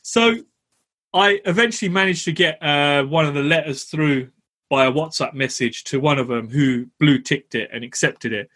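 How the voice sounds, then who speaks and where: A man co-hosting a property podcast, with a husky, slightly raised voice. He tells the story in a chatty, slangy way and leans on "you know" as he goes. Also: fairly high pitch, moderate pace, fairly bright tone. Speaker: property podcast co-host and landlord. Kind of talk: casual storytelling.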